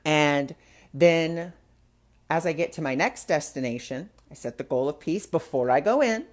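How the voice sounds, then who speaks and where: Woman spiritual host with a low voice, casual chatty storyteller. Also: expressive, normal speed. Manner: chatty, many fillers, acts out quotes. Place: live online broadcast.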